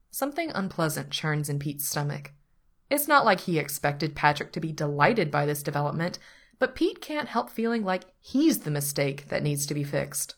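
A woman narrating a story aloud in an even, unhurried manner. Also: sits low. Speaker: story reader. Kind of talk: reading fan fiction aloud.

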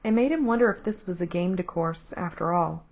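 Woman reading a story out loud, lowish voice, steady and even. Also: fairly quick. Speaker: narrator. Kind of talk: storybook narration read aloud.

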